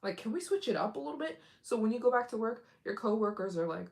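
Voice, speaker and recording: A woman's voice: medium pitch, animated, fast, vocal fry, few pauses, a little mellow. A woman hosting a casual live stream as a travel vlogger. She chats straight to her viewers, giggles often, and acts out other people's lines in put-on voices. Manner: chatty, addresses viewers directly.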